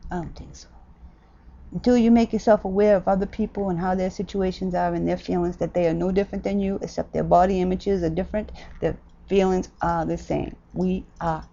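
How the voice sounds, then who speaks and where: A woman ranting bluntly and sarcastically in a casual vlog, jumping from loud outbursts to low mutters. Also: fairly even intonation, brisk, creaky, lo-fi sound. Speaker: vlogger.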